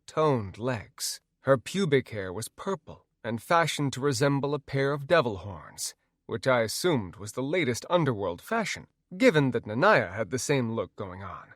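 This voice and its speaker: A man narrating a first-person audiobook in an expressive, storytelling way. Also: mid-range voice, no room sound, studio quality.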